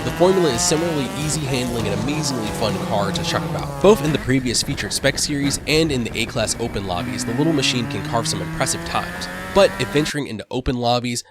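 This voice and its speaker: A man's voice: lowish voice, noisy background. A man hosting a weekly gaming recap, reading a scripted voice-over in a dry, matter-of-fact way with the odd wry aside. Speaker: gaming channel host.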